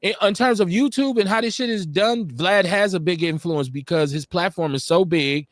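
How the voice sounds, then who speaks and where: A man hosting a casual live-stream talk show, animated and mimicking other voices as he tells stories. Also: high voice, normal speed, dry recording, studio quality. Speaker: podcast host.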